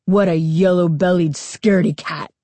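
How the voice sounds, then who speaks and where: A woman voicing a girl in a monster mask, speaking in a gruff, raspy, slow growl for a storybook reading. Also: fairly low pitch, steady tone, mellow, no echo, natural voice. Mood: mocking.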